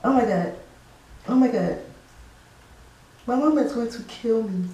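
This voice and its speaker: A young woman vlogging to camera, nervous and excitable, exclaiming and laughing as she talks. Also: fairly high pitch, a little slow. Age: young adult. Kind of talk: casual vlog talk to camera. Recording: echoey room, some distance from mic.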